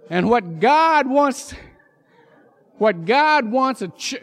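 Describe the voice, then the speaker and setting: A male pastor preaching a sermon in a church, with animated storytelling and sudden emphatic bursts. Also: high-pitched. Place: church sanctuary.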